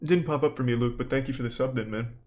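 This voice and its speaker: A young man streaming live, chatting casually with viewers in a deadpan, exasperated way, swearing freely. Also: medium pitch, fast talker. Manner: deadpan, profane, exasperated rants at chat.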